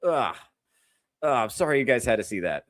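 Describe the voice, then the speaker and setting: A man's voice: medium pitch, very animated, normal speed, a bit bright, no echo. A man hosting a comedy podcast, ranting with crude, sarcastic mockery. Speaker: podcast host. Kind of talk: comedic commentary rant.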